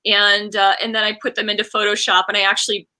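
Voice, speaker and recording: A woman's voice: medium pitch, completely flat delivery, fast talker, bright, forceful tone. A woman in her forties, a coach, telling a heartfelt personal story in an interview and acting out the quoted lines. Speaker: guest, coach and card game creator.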